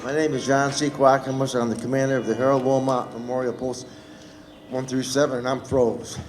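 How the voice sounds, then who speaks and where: A man serving as a veterans' post commander, giving an unscripted ceremony speech and reading a poem. He talks haltingly and gets choked up. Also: mid-range voice, level tone, heavy background noise. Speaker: American Legion post commander. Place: outdoor public ceremony.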